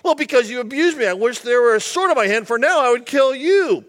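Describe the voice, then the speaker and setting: A man's voice: extremely high pitch, lively intonation, a little fast, a bit bright, voice pushed up. A man playing an angry rider who threatens his donkey.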